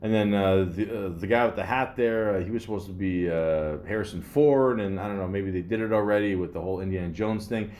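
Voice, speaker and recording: A podcast host with a lowish, darkish voice rambles casually through a monologue, talking a little fast with few pauses. He swears freely, leans heavily on fillers, and reads facts aloud before riffing on them.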